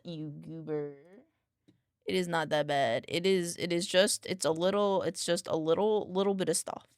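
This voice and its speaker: A woman's voice: lowish voice, fairly bright tone, no echo, studio quality. A woman streaming from her home desk, chatting casually and playfully teasing, cooing baby talk at her cat. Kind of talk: casual live-stream chat.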